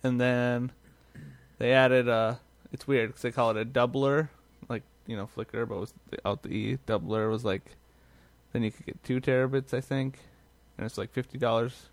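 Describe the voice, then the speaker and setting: A man's voice: medium pitch, steady tone, moderate pace, dry recording. Easygoing man in casual tech chat. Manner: chatty, easygoing, trailing off mid-thought. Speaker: podcast co-host.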